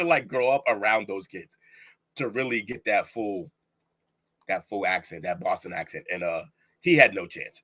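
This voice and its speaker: A man co-hosting a casual podcast who talks in an opinionated, animated way, with laughing asides. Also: on the low side. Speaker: podcast co-host.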